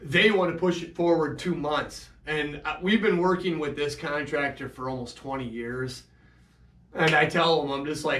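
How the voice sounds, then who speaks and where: A man telling his own life story in a halting, emotional way, full of restarts and fillers. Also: on the high side, a bit bright, reverberant, far from the mic. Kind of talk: personal storytelling monologue.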